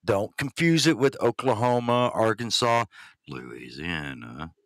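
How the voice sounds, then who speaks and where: A man's voice: lowish voice, animated, a little slow, fairly bright tone, no room sound, clean studio sound. A Texan man hosting a podcast, chatting casually and crudely, reading listeners' messages aloud. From Texas. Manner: crude, rambling, reads chat aloud. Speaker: podcast host. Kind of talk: casual live-stream chat.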